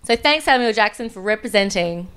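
Woman, casual film chat, quick laughs and swearing, mid-pitched voice. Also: lively intonation, fairly bright tone, clean tone.

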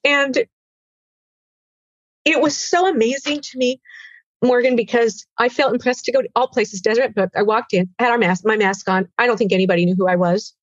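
Woman in her 60s telling a heartfelt story, halting and tearful, dry muffled sound. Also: a little high, no echo. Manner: earnest, halting, tearful at times. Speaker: interview guest. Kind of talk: emotional personal testimony.

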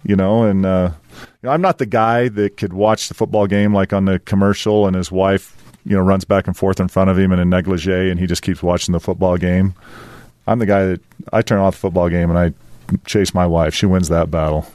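A man's voice: sits low, little pitch movement, brisk, darkish tone, dry recording. Chatty middle-aged man, dry mic. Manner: rambling, laughs often, many fillers. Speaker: podcast co-host. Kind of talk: casual chat.

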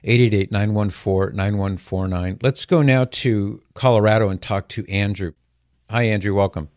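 A man with a very low, deep voice hosts a call-in radio program. He talks through callers' questions patiently and reassuringly. The sound is dry and close, with no room echo. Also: moderate pace. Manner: warm, reassuring, explanatory.

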